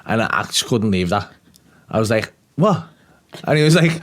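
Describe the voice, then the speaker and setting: A podcast co-host tells a story in casual conversation, swearing freely, laughing through it and imitating the people he quotes. His fairly low voice is sing-song, moving at normal speed with frequent pauses.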